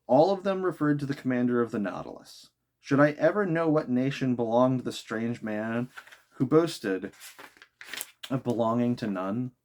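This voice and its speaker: A man's voice: medium pitch, normal speed, a little mellow. A man reading a classic novel aloud as an audiobook, sometimes breaking off for chatty asides to viewers. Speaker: audiobook reader.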